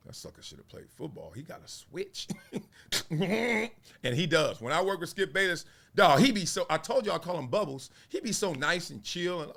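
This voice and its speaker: Animated man doing lively sports commentary. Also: a little high, normal speed, vocal fry. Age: 40s. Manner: animated, playful, acts out quotes in voices. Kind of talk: casual commentary.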